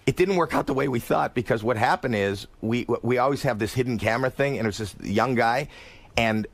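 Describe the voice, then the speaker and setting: A man appearing as a radio guest, telling anecdotes with lively energy and acting out what people said. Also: mid-range voice, a little fast, gravelly, no echo. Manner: animated storyteller, acts out quotes loudly. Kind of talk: casual radio interview.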